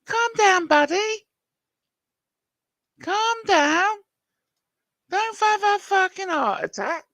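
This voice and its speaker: A man voicing a squeaky, exasperated man who mockingly and repeatedly tells someone to calm down, swearing as he goes. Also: takes it slowly, creaky, no room sound, studio quality, heavily acted.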